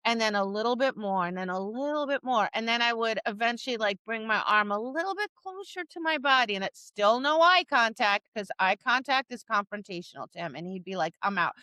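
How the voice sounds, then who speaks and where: Woman, podcast co-host, casual chat, animated, bright tone, dry sound. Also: a little high, a little fast, hardly any pauses, clean tone, no room sound. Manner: animated, acts out cheery voices and dog reactions. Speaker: podcast co-host, dog trainer.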